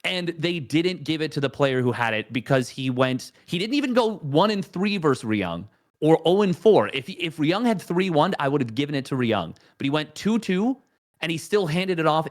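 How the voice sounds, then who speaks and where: A man's voice: fairly high pitch, sing-song, normal speed. A man in a casual esports chat, ranting heatedly and swearing freely.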